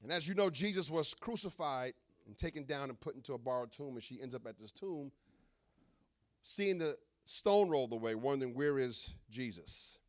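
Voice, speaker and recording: A middle-aged man, a pastor, preaching an animated sermon with humorous asides to his congregation. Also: medium pitch, normal speed.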